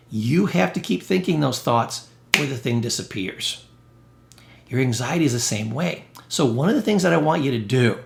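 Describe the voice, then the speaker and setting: A man's voice: medium pitch, expressive, moderate pace, creaky. A man, a therapist, giving a blunt, emphatic motivational self-help talk with punchy, salty humor. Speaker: therapist and educator. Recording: roomy echo.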